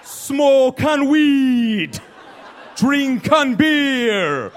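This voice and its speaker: A man doing a bad Jamaican accent as a boastful reggae star giving drawn-out stage speeches, heard from far off on a live stage. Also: extremely high pitch, animated, slight background noise, voice pushed up, heavily acted. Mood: swaggering. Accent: Jamaican, self-admittedly bad imitation. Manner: drawn-out, shouted. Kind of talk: stand-up impression.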